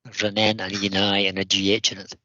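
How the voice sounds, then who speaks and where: On a woodworking livestream, a co-host jokes around and reads viewer comments aloud. His low voice is pushed and bright yet completely flat in delivery, and he talks fast; the audio is dull with no echo.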